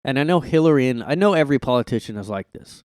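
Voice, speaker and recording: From his room, a man hosts a casual solo podcast, fast and animated, rambling profanely with heavy "like" filler. His mid-range voice is a little mellow, recorded on a close mic with no echo.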